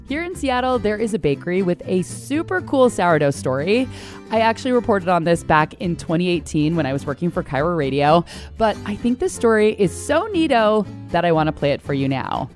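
A woman hosting a podcast, moving between casual chat and scripted narration in a playful, lively way. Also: medium pitch. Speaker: podcast host and former radio reporter.

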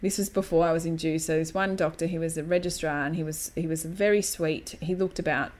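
A woman in her thirties co-hosts a podcast and tells a story in casual chat, animatedly acting out quotes, swearing casually and using self-mocking humor. Her voice is deep and fairly quick.

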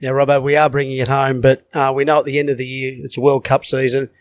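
A man's voice: medium pitch, monotone, quick pace, clear, resonant tone, dry recording. An Australian man hosting a casual sports chat, talkative and joking, quizzing a guest. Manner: chatty, jokey quizmaster. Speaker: podcast host.

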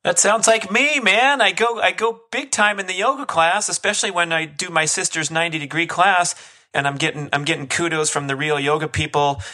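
A man's voice: a little high, a little fast, sharp tone. A male host chatting casually and self-deprecatingly, with easygoing, hesitant phrasing. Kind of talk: casual chat.

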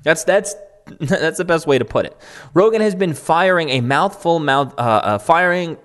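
A man's voice: fairly high pitch, expressive, moderate pace, a bit bright. A man talking as a political commentator in casual, rambling commentary, sarcastic and mocking, with many fillers like "um" and "like". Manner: sarcastic and mocking, sometimes laughing. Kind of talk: casual commentary reading out online posts.

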